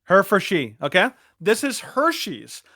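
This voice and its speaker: A man co-hosting a podcast in casual opinion chat, halting with many fillers and restarts, getting animated when he mocks something. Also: high-pitched, dry recording, studio quality. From Latino heritage. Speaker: podcast co-host.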